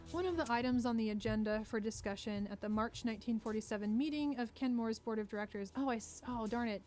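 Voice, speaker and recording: A woman's voice: fairly high pitch, a little mellow. Woman reading aloud, correcting herself. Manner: reads haltingly, correcting herself.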